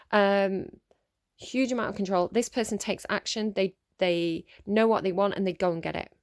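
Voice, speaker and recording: A woman's voice: medium pitch, fairly even intonation, normal speed, no echo, clean studio sound. A woman giving a casual tarot reading. She rambles, with lots of fillers and sighs. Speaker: tarot reader.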